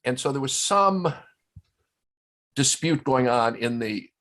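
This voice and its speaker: A man telling stories in casual conversation as a guest at a round-table talk, animated and full of restarts. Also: medium pitch, slow. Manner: storytelling, animated, many restarts. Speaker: guest, former ambassador. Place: indoors, round-table discussion.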